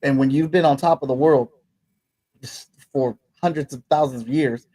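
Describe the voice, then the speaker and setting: A man hosting a casual chat, relaxed and agreeable, with laid-back slang. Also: mid-range voice, moderate pace, no room sound, low-quality recording.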